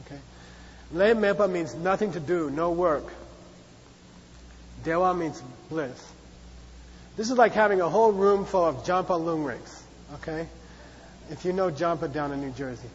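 High-voiced male teacher with a chatty, sarcastic lecture style, muffled recording in a reverberant hall. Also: moderate pace, long pauses, slight background noise. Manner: chatty, repetitive, acts out voices with playful sarcasm. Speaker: Buddhist teacher. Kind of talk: dharma class lecture.

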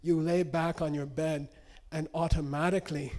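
A man's voice: a little high, fairly even intonation, moderate pace, a little mellow. A man teaching meditation in a conversational storytelling way, often checking in with "okay?" and "you know.". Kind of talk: storytelling lesson.

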